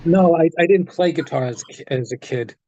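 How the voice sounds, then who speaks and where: A man tells his stories with relish, jumping into the voices of the people in them. His voice sits high for a man, and the recording is dry and close. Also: fairly quick, no room sound, dull audio. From New York area. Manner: animated anecdote teller, acts out quotes. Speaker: guest, guitar tech. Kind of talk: casual storytelling interview.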